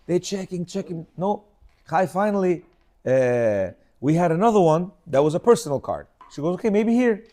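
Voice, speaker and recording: Animated man telling a rambling story. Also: a little high, moderate pace. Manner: animated, rambling, frequent restarts and acted quotes. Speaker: host. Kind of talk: casual storytelling commentary.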